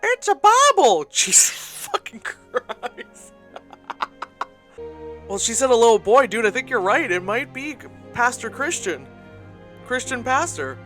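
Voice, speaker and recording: An animated streamer reacts live to a film, laughing often, cursing freely and slipping into mocking voices. The pitch leaps around constantly. A film's soundtrack plays faintly underneath. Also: unhurried, soft background music.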